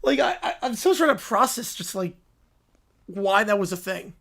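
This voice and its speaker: A man with a notably high voice hosts a live reaction stream, talking loosely to his viewers. He circles back and restates his points, with plenty of restarts. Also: animated, moderate pace, fairly bright tone. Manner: rambling, repeats himself with restarts. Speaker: livestream host. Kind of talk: casual live reaction chat.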